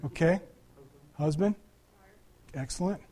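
A man's voice: a little high, takes it slowly, warm tone, husky. An older man preaching a conversational sermon, talking to the congregation with frequent asides and restarts. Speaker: pastor.

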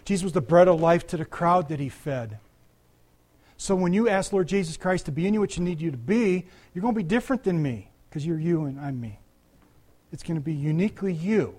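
A man's voice: fairly high pitch, lively intonation, fairly quick, darkish tone. An older man preaching a conversational sermon, talking to the congregation with frequent asides and restarts. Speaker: pastor.

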